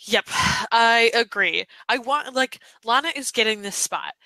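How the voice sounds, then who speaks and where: A woman with a bright, forceful voice co-hosting a podcast, talking excitedly and swearing freely. Her voice sits fairly high and sounds dry and close. She laughs often between points. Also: measured pace, no room sound, rough recording. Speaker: podcast co-host. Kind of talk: casual chat.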